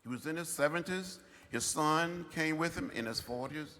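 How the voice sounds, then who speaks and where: A man's voice: a little high, moderate pace, sharp tone. A man in his seventies giving a commencement address in impassioned, preacher-like oratory, speaking in short repeated phrases. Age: 70s. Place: large outdoor ceremony over loudspeakers. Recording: long reverb from a public address system.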